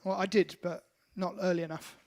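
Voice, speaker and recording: A man's voice: high voice, flat delivery, a little fast, a little mellow. A man co-hosting a casual livestream chat as a band member, making dry, teasing quips.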